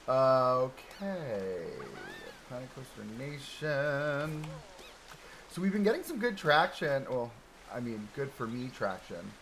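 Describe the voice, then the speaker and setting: A man's voice: mid-range voice, fairly bright tone, a little hiss or hum, rough recording. A man hosting a casual live stream while playing a game, chatting in an easygoing, self-deprecating way and laughing often, close to a desk microphone at home. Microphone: desk microphone close in front.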